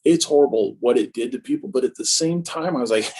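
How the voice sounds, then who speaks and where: Gravelly, husky-voiced man in his fifties. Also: medium pitch, fairly quick, a little mellow, poor audio. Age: 50s. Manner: self-mocking, joking storyteller. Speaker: interview guest. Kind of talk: casual conversation.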